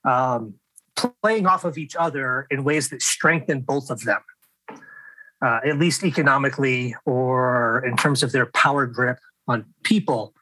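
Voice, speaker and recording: A man's voice: mid-range voice, unhurried, bright, forceful tone, dry recording, poor audio. A middle-aged man hosting a casual podcast discussion, chatty and laughing often. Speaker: podcast host.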